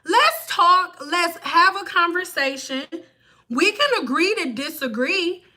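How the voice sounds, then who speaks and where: Blunt, high-voiced woman ranting on a livestream. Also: slow pace. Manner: blunt, profane, animated ranting. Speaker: hair stylist hosting a livestream. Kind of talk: casual livestream rant.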